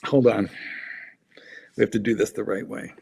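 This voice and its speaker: A man's voice: lowish voice, fairly even intonation, moderate pace, creaky, a little mellow, slight background noise. A man hosting a livestream, a playful, teasing storyteller in casual chat. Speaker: host.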